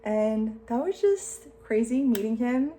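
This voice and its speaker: Talking a little slowly in a fairly high voice, a twenty-something vlogger, late twenties, recounts a story to her camera. She's chatty and excitable, with "like" cropping up a lot.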